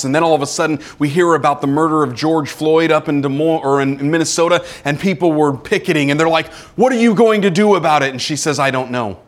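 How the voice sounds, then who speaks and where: A man preaching a sermon as pastor, animated, with acted-out quotes and sudden drops to a quiet tone. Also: medium pitch.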